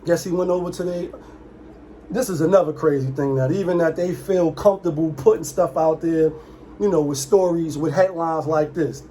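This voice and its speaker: A young man with a slightly higher voice rambles through a casual commentary vlog. He jumps between asides and quick impressions in a loose, animated way. A faint hiss of room noise sits under his voice. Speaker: commentary channel host.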